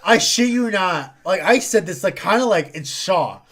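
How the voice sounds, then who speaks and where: A young man co-hosting a casual talk show, his pitch high and swinging widely as he tells a story. He swears freely and laughs loudly in an animated, profane way. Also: moderate pace, slightly rough. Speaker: podcast co-host. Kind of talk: casual chat.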